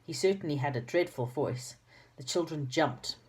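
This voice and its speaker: A woman's voice: deep voice, normal speed, darkish tone. A woman reading a children's book aloud, with chatty asides and small slips. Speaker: reader.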